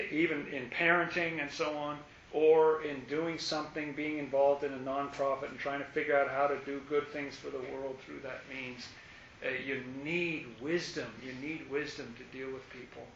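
A man preaching a sermon in an animated, emphatic way, sometimes acting out voices. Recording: roomy, dull audio with faint rumble.

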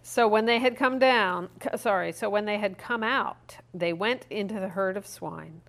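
A woman reading scripture aloud in a steady, measured way during a Bible study. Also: mid-range voice. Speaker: scripture reader.

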